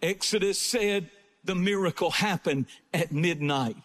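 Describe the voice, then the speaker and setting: Male preacher with a high voice, fervent sermon delivery that alternates between impassioned peaks and slower, quieter narrative. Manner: rising to impassioned shouting, then slowing to low storytelling.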